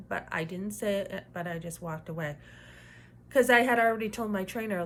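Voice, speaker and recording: A woman's voice: medium pitch, normal speed. A woman telling a story from her first night at a new job in a casual vlog, with a mid-range voice. She acts out the lines of coworkers and keeps checking in with the listener. A faint noise sits under her voice. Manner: animated, retelling dialogue with asides like "right?". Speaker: vlogger telling a workplace story.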